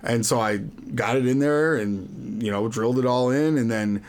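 A man's voice: medium pitch, normal speed, a little mellow. A man in his thirties co-hosting a podcast, telling rambling stories in casual chat, full of "like" fillers. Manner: rambling storyteller, lots of "like" fillers, quotes his kids. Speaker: podcast co-host.

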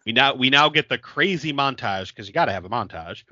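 A man's voice: mid-range voice, animated, a little fast, bright, forceful tone, dry recording, dull audio. A man co-hosting a podcast, recapping a film in casual chat, laughing often and filling his talk with "like". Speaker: podcast co-host.

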